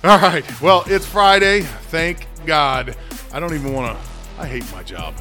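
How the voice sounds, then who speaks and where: A man hosts a loose, casual monologue, wandering between thoughts and laughing at his own expense. His voice sits a little high and comes through bright and forceful. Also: unhurried, soft background music. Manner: rambling, self-deprecating humor, laughs easily. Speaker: show host.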